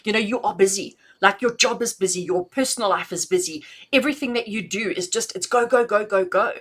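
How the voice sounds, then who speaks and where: A middle-aged woman with a bright, clear tone gives intuitive messages on a live stream. She talks in a chatty, affectionate way and laughs easily between readings. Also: mid-range voice, fairly quick. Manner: affectionate, chatty, calls listeners "my darling". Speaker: intuitive reader.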